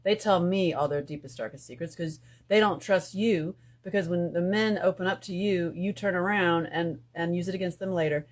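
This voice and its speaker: A woman hosting a casual spiritual live stream from her phone. She jumps between loud bursts and hushed asides and swears freely. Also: on the low side, moderate pace, few pauses.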